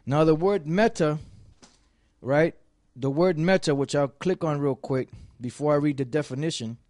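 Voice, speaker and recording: A man's voice: on the high side, normal speed, darkish tone, no echo. Emphatic male preacher, dry sound. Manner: emphatic, reads scripture aloud. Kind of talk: sermon-style teaching.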